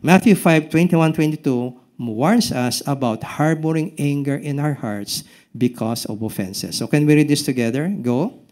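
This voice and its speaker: A male pastor with a Filipino accent preaching a sermon, often quizzing the congregation with short questions and dropping from loud emphasis to hushed lines. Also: a little high, normal speed. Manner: swings between loud emphasis and hushed drops.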